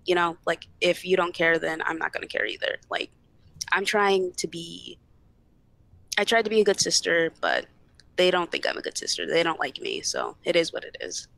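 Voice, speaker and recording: A woman's voice: fairly low pitch, sing-song, normal speed, gravelly, a bit bright, dry recording. A young woman guest on a podcast, bluntly retelling a family argument with lots of swearing and acted-out dialogue. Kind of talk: casual storytelling chat.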